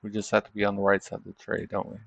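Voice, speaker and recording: A man's voice: on the low side, completely flat delivery, very fast, gravelly. A man hosting a trading livestream, chatting casually over charts and tossing in tag questions like "isn't it?". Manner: loose, chatty, thinking aloud.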